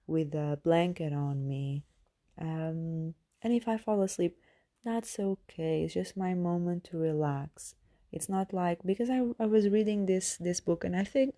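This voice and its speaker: A woman's voice: low voice, warm tone. A woman who is not a native English speaker hosts a podcast as a coach, talking through meditation tips with many fillers and restarts. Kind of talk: casual self-help monologue.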